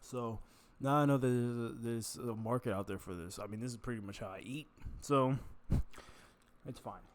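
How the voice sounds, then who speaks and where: Guy eating on camera, rambly, jokey, cussing, stuffy nose, middle pitch. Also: moderate pace. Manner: rambling, joking, swears casually while eating. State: congested nose, full, chewing. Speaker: vlogger. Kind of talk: casual eating vlog chat.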